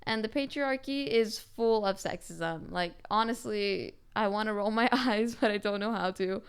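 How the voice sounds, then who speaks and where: A teenage girl hosting her own podcast, ranting to her viewers in a casual, animated way and filling her talk with "like". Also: mid-range voice, normal speed, clear, resonant tone. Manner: animated, heavy use of "like" fillers. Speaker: podcast host.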